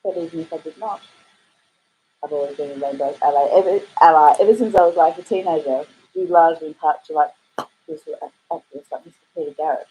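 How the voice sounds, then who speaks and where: A woman's voice: quick pace, mellow, slight background noise, poor audio. A middle-aged Australian woman from Western Australia, hosting a casual livestream, reading out comments with a playful, theatrical manner. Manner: playful, theatrical, swoops up high in exclamations. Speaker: livestream host playing records. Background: music playing in the background.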